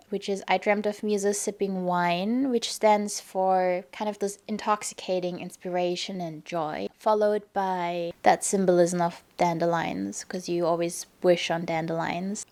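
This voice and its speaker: A young woman from Germany hosting a podcast, calmly explaining and analyzing her own poetry and reading verse aloud. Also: medium pitch. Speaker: podcast host. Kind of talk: casual explanatory monologue on poetry.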